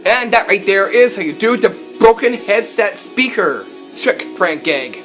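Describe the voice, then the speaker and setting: A man's voice: high voice, animated, a little slow, a bit bright, soft background music. A man hosting a prank tutorial, explaining with enthusiasm and plenty of fillers as he shows his props. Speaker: magic and prank video host. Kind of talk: how-to demonstration.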